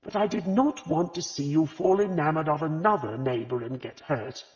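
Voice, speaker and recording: A man doing a gentle, rueful vicar's wife. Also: on the high side, normal speed, voice pushed up, lightly acted. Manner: rueful and calm. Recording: dull lo-fi audio with long reverb.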